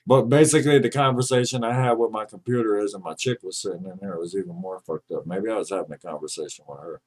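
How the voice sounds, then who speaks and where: Low-voiced man ranting with heavy profanity. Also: quick pace. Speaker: podcast co-host. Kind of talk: casual chat.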